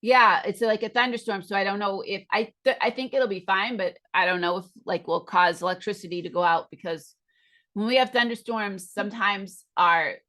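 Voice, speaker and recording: A woman's voice: mid-range voice, fairly even intonation, normal speed, sharp tone. An American woman who teaches English, explaining things in an enthusiastic, chatty way during a casual video call conversation. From United States.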